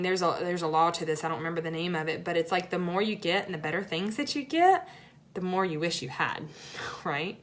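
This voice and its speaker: A woman's voice: fairly low pitch, a bit bright. A young adult woman coaching viewers in a live-streamed talk, chatty and encouraging, often checking in with "right?".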